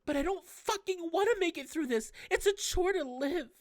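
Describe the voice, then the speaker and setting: A woman reading the lines of a distraught, depressed young female student from a game, voiced higher than her own voice and lashing out as she swears. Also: expressive, normal speed, dry recording, clean studio sound. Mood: anguished.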